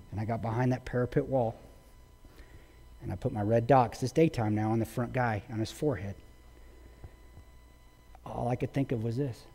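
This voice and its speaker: A man's voice: mid-range voice, normal speed, gravelly, long pauses, dark tone. A man giving a public talk, retelling a story intensely with quoted dialogue. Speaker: guest speaker. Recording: long reverb of a large hall.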